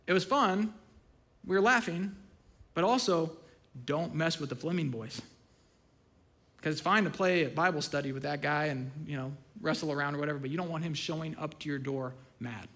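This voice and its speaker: Man preaching with loud and hushed swings. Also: a little high, moderate pace. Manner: conversational storytelling, swinging between loud excitement and hushed asides. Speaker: pastor. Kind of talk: sermon.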